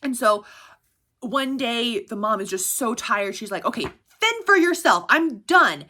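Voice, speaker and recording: A woman in her thirties gives easygoing recommendations of favorite picture books, cheerful and laughing between sentences. Her voice is mid-range and a bit bright.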